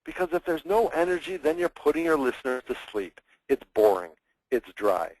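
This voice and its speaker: A man presenting a public speaking webinar with a lively, swooping voice that climbs high and drops low. He talks with energy and acts out examples in playful mock voices. The sound is dry and close. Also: normal speed, creaky, no room sound, poor audio.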